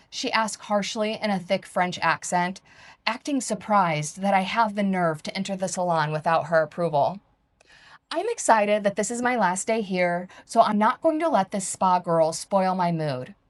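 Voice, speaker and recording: A woman reading her own travel memoir aloud in a calm, reflective, measured way. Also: medium pitch, dry recording. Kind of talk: first-person memoir reading.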